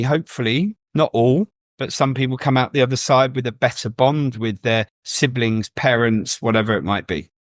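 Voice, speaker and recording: A man's voice: medium pitch, no room sound, studio quality. Reflective man telling a family story. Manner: reflective, storytelling with many restarts. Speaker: guest. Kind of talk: candid personal interview talk.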